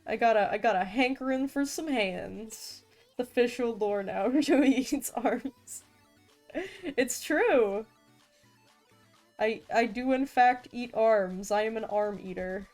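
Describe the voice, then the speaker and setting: A woman chatting casually on an art stream, playful and self-mocking, quick to laugh at her own jokes. Her voice sits a little high and she talks at an unhurried pace. Faint music plays underneath. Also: a little mellow. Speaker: vtuber streamer.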